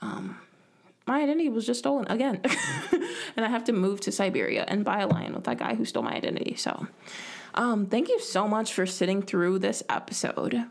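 A woman's voice: mid-range voice, very animated, brisk, gravelly. A young woman hosting a solo podcast, telling a rambling, self-mocking story and acting out quoted lines in a whisper. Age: young adult. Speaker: podcast host. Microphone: home podcast mic.

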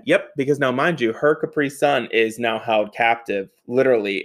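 A man from the Pittsburgh area telling a comedic personal anecdote, animated and profane, laughing often and acting out what people said. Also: mid-range voice. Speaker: storyteller.

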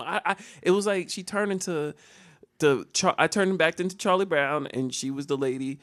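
A man's voice: fairly high pitch, fairly quick, a bit bright, dry recording. A man telling a comedic story on a podcast. He laughs often and acts out the voices and sounds of other people.

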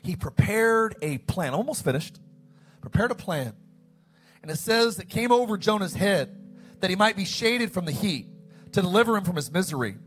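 A man preaching a sermon as pastor, animated, acting out the story's dialogue in quick asides. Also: high-pitched, soft background music.

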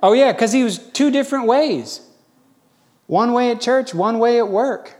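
A man preaching a sermon in a folksy, lively storytelling way. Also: very high-pitched, measured pace. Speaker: pastor.

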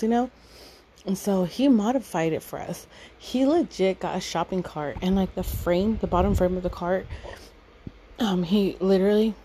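A woman's voice: on the low side, mellow, slight background noise, low-quality recording. A woman in her thirties casually telling a fond family story, rambling with many fillers and frequent laughs. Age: 30s. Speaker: podcast storyteller.

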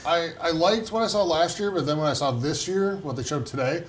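A man co-hosting a gaming podcast, telling stories with energy and chiming in with quick agreement. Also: a little high. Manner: animated storyteller, quick to agree. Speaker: podcast co-host. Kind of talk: casual chat.

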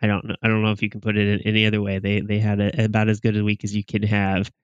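Low, flat-voiced man discussing football. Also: clean tone, no echo, dull audio. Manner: halting, restarts often, flat delivery. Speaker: podcast co-host. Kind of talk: casual sports chat.

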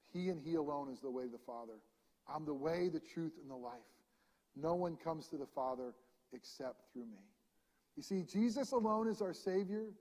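A man preaching a sermon as pastor, reading scripture aloud and swinging between ringing proclamation and hushed, intimate passages. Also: fairly high pitch. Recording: long reverb of a large hall.

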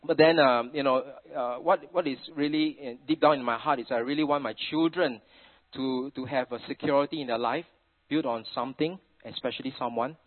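A middle-aged man with a Singaporean English accent gives a sermon at a middle pitch, full of chatty family stories and Singlish particles. The sound is thin and tinny, as if it came down a phone line. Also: a little fast. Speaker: preacher.

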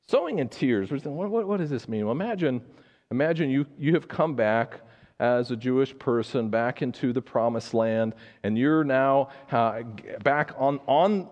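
In a church sanctuary with a big-room sound, a male pastor preaches a sermon earnestly in a medium-pitched, slightly mellow voice. He often repeats words as he builds toward his point.

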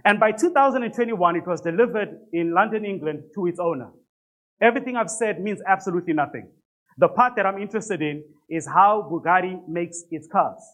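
A pastor preaching a sermon to a church congregation, emphatic, with rhetorical questions and conversational, self-deprecating asides. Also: male voice, high voice, expressive, a little fast, fairly bright tone.

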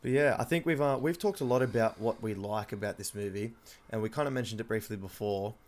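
A man's voice: lowish voice, quick pace, a little mellow. A young Australian man co-hosting a casual film-review podcast, chatty and steering the talk between laughs. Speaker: podcast co-host.

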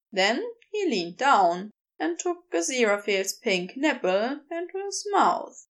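Slow, gravelly woman reading a story. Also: fairly high pitch. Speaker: fan audiobook reader. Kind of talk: scripted narration of an intimate fan story.

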